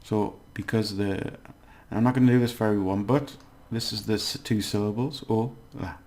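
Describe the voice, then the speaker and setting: A man giving a casual language lesson, explaining slowly and repeating words, with many fillers. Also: fairly low pitch, steady tone, darkish tone. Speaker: language teacher.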